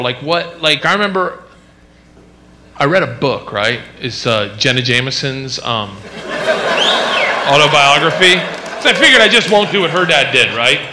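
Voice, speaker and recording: A man's voice: medium pitch, noisy background. Rambling male stand-up comic. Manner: rambling, lots of "like" fillers, acts out voices. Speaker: stand-up comedian. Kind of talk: stand-up comedy routine.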